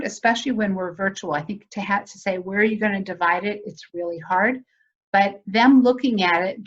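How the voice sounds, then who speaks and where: Woman presenter, mid-pitched, walks teachers through a method on a slightly muffled video call. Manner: conversational, explanatory, asks audience questions. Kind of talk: virtual teacher training webinar.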